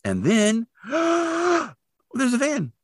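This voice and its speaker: A man's voice: mid-range voice, sing-song, a little fast, pushed and bright, no echo, studio quality. A man co-hosting a podcast, recapping an episode in casual chat and adding playful sound effects and asides. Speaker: podcast co-host.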